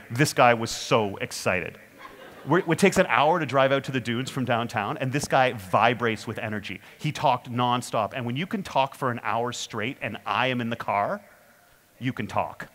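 A man delivers a comic keynote story to an audience, animated and self-deprecating. His voice sits at an ordinary middle pitch, and he leans hard on timing for laughs. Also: moderate pace. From Canada. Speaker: keynote speaker.

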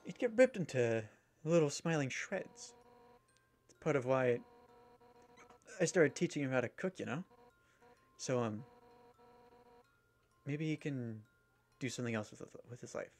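A man's voice: mid-range voice, lively intonation, unhurried, pauses often. A man voicing a brash fish warrior woman. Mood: wistful. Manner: loud, boastful, blunt. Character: brash fierce female fish warrior captain. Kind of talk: reading game dialogue aloud.

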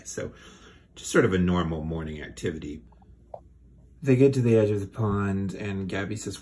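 A man's voice: low-pitched, normal speed, pauses often, a little mellow. Dry sarcastic man reading aloud. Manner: dry, sardonic asides. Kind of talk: sarcastic comedic book reading.

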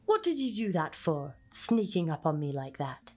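A woman's voice: low-pitched, very animated, moderate pace. A woman reading aloud and voicing a grumpy, hungry male hammerhead shark who complains a lot.

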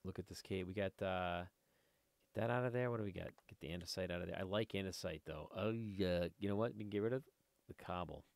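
A man's voice: sits low, quick pace, creaky, dry recording. A man giving casual, rambling commentary while playing a game, easily sidetracked and chatting to viewers and to the creatures on screen. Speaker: let's play host.

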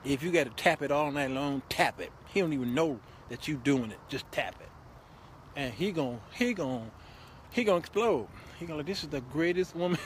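A man hosting a show, giving comic relationship advice in an animated, laughing, preachy way. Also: on the high side, normal speed, a little hiss or hum. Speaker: host. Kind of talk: comedic relationship advice monologue.

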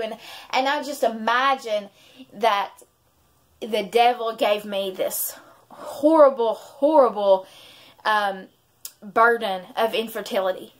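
A woman tells a personal faith story in a heartfelt, rambling way, circling back and restarting her sentences. Her voice sits a little high for a woman. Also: takes it slowly. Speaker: vlogger and mother. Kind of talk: emotional personal testimony.

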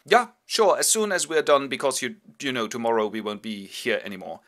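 A man voicing a calm, matter-of-fact arsonist ringleader who gives brisk orders. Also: medium pitch, lightly acted. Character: cool, commanding male arsonist ringleader.

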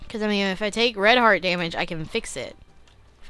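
A young adult woman hosting a casual let's-play, chatty and self-critical, clearing her throat often and breaking into excited outbursts. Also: medium pitch, fairly quick, no echo, soft background music. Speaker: gaming channel host.

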